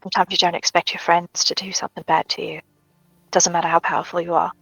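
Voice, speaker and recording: A woman's voice: fairly low pitch, little pitch movement, quick pace, gravelly, fairly bright tone, breathy edge, no echo, faint music behind, rough recording. A woman playing a tabletop game, chatting casually and thinking aloud as she asks questions. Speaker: player.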